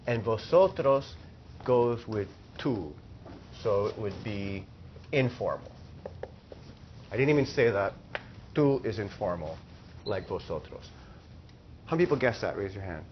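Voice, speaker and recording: A man teaching a Spanish class, explaining slowly and repeating phrases for the students. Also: fairly low pitch, lively intonation, highs cut off, a little hiss or hum. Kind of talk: classroom lesson.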